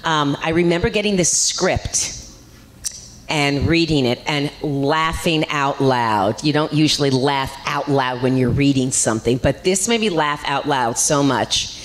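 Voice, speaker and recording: A woman, an actress at a convention panel, telling lively, rambling stories about her career. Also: sits low, unhurried. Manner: chatty, rambling, lively storytelling.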